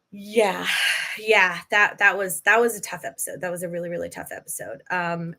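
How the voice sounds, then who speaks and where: A woman's voice: lowish voice, pushed and bright. A woman hosting a live podcast Q&A, chatty and emotional, laughing often as she talks. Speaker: podcast host. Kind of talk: live Q&A chat.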